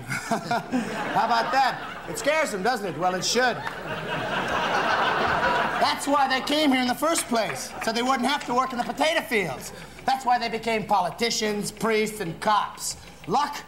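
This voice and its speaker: An actor playing a loud, abrasive middle-aged barroom comic who rants and laughs at his own jokes in a comedy sketch. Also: extremely high pitch, lively intonation, measured pace, background noise. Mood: ranting. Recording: old broadcast clip, roomy with studio audience.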